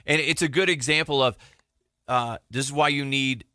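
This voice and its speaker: A man hosting a casual chat in a radio studio, joking around and slipping into quick impressions. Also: mid-range voice, bright, forceful tone, no echo. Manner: jokey, quick to mimic others. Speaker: podcast host. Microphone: studio mic.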